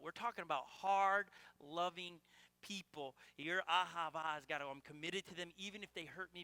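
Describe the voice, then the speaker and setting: A man's voice: high voice, sharp tone, no echo. A middle-aged man preaching a sermon, telling personal stories in an earnest way, with frequent restarts. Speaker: pastor.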